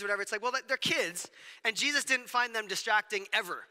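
A man delivering a sermon as pastor, in a conversational, animated way with quick asides. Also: extremely high pitch, in a large hall. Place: church sanctuary.

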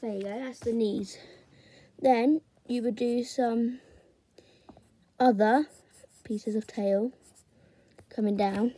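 Young woman, drawing tutor, unhurried and chatty, narrates step by step. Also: on the high side, steady tone, dark tone, husky, no echo.

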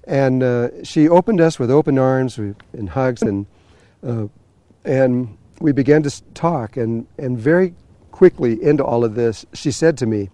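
A man's voice: medium pitch, unhurried, warm tone, no echo. A man telling a long personal story to an audience, rambling with many fillers and restarts. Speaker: spiritual teacher telling a story. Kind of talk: storytelling talk.

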